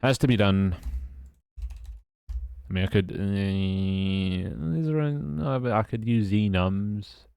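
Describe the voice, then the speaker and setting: A man's voice: fairly low pitch, slow, vocal fry, long pauses, a little mellow, clean tone, no room sound. A British man streaming live, muttering and swearing at his code between casual chats with his viewers. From Britain. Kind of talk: casual live-stream chat while coding.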